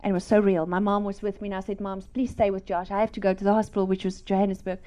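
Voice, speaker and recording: A middle-aged woman from South Africa preaching a testimony sermon, animated and laughing, swinging from loud to hushed. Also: mid-range voice, rapid-fire.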